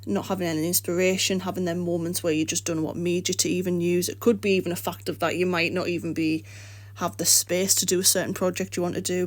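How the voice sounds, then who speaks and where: A woman's voice: fairly low pitch, no echo. A woman hosting an art vlog, chatting casually and encouragingly while coming down with the flu, her voice starting to go, in her home art studio. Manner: rambling, encouraging. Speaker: art channel host. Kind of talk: casual voice-over chat.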